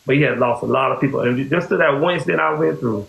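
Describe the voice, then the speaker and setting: A man hosting a podcast tells a personal story in loose, rambling talk, forever circling back to "you know what I'm saying." His mid-range voice is fast and gravelly with a fairly bright tone. The audio is dull, recorded in an echoey room with faint hiss.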